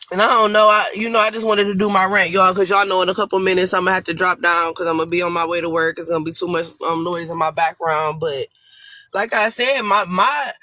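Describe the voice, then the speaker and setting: A woman's voice: lowish voice, fairly even intonation, fairly quick, bright, forceful tone. A woman with an African American accent giving a blunt, profane, rambling rant as a guest on a live stream panel. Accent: African American English.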